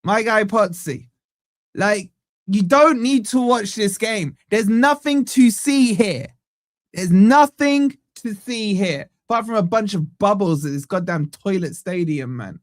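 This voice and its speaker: A slightly high-voiced man hosts a live football watch-along stream from his home setup. He keeps up a steady flow of banter and shout-outs to his viewers. The sound is close and dry, with no room around it. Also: a little slow, no echo. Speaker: fan channel host.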